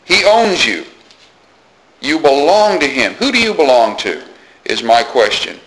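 A man's voice: mid-range voice, sing-song, unhurried, fairly bright tone, a little hiss or hum, rough recording. A man preaching a sermon as pastor, earnest, repeating key phrases and asking the congregation questions.

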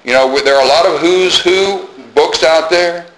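Bright-voiced male pastor preaching. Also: a little high, moderate pace, low-quality recording. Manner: earnest, repeats key phrases, asks the congregation questions. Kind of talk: sermon.

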